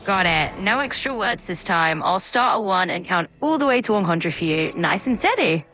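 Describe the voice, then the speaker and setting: An upbeat synthetic woman's voice speaking as an AI assistant, her pitch bouncing up and down as she cheerfully agrees to everything. She keeps stalling and repeating herself, with faint game music underneath. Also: expressive, moderate pace, fairly bright tone.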